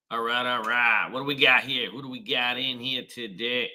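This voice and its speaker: A man's voice: medium pitch, steady tone, normal speed, bright, forceful tone, rough recording. A man hosting a live trading stream, greeting viewers with upbeat slang and walking through charts in casual commentary.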